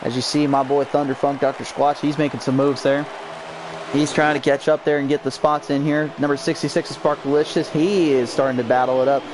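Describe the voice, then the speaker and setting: A young man calling a sim racing league race, energetic, his voice jumping up when cars spin out. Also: brisk. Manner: energetic, jumps high on crashes. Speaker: race commentator. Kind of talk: excitable sim racing play-by-play. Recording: noisy amateur stream audio.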